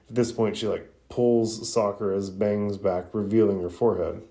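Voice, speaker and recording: A man's voice: lowish voice, steady tone, moderate pace, few pauses, dark tone. A man hosting a podcast, giving a casual, conversational recap with fillers and blunt asides. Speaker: podcast host reviewing an anime episode.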